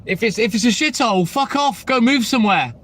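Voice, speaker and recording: Extremely high in pitch, animated and brisk, this middle-aged man runs a phone livestream while riding in a vehicle. The milkman swears a lot and fires back combatively at comments, over car noise and wind on the mic.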